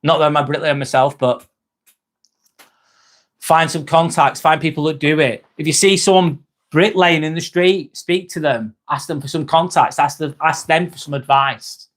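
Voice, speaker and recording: A man's voice: on the high side, steady tone, normal speed, fairly bright tone. A man hosting a live stream, reading viewer comments and giving earnest advice, often repeating himself. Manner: earnest, repeats himself, calls people mate. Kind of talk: casual live-stream chat.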